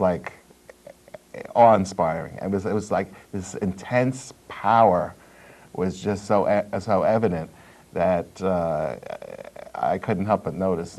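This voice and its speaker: Man, low voice, earnest, explanatory storyteller, talk show guest. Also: darkish tone. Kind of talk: studio talk show discussion.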